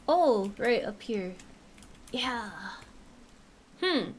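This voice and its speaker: A woman's voice: on the high side, very animated, very slow, slight background noise. A young woman streaming a game, chatting casually with a playful, joking manner and casual swearing. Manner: playful, jokey, swears casually while playing.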